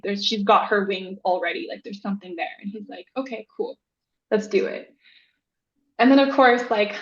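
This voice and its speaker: A woman guest on a podcast telling a story in a casual, animated way, acting out the voices she quotes. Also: a little high. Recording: echoey, dull lo-fi sound.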